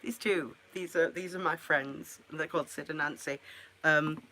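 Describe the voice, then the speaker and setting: A woman's voice: low voice, steady tone, moderate pace, pushed and bright. A woman chatting casually to the camera at home, rambling and making self-mocking asides about her pets. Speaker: pet keeper vlogger.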